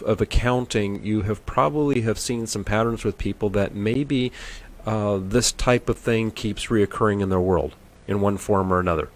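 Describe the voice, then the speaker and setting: A man hosting an interview on an internet radio show, friendly and joking with his guest. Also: lowish voice. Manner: friendly, upbeat, jokey.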